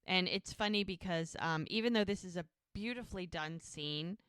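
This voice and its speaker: A woman with a fairly low voice co-hosts a casual podcast, walking through scenes in a chatty, filler-filled retelling. The sound is dry and close, with no room around her. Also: moderate pace, fairly bright tone, clear, resonant tone, dry recording. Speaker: podcast co-host. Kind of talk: casual rewatch podcast chat.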